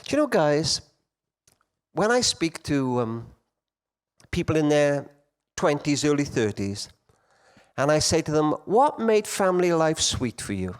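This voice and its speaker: A middle-aged man speaks from a stage to a hall of men, his voice rising high and dropping low as he tells his stories. His pitch sits fairly high for a man and moves very freely. He swings between loud emphasis and near-hushed lines. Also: clean tone. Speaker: conference speaker. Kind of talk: storytelling talk to men.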